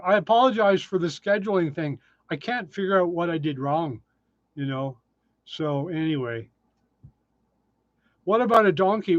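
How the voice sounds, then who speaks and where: A man's voice: high-pitched, dry recording, highs cut off. Chatty older man hosting a livestream. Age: 60s. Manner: chatty, self-deprecating, answers viewer questions. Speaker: livestream host. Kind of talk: casual live chat reading comments.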